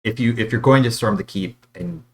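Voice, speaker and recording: A man's voice: medium pitch, lively intonation, brisk, vocal fry, husky. A man narrating as game master of a tabletop game, talking hesitantly with many fillers.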